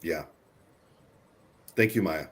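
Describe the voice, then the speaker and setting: Low-voiced man moderating a panel. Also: takes it slowly, fairly bright tone, husky. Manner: candid, earnest, repeats words for emphasis. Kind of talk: casual panel discussion.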